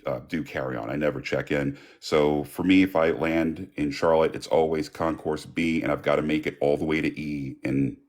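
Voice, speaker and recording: Very deep-voiced friendly male caller. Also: steady tone, normal speed, few pauses, a little mellow. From Atlanta, USA. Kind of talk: casual chat.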